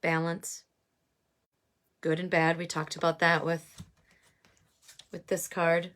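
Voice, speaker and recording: A woman giving a casual oracle card reading, musing and halting with many fillers. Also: on the low side, level tone, fairly bright tone.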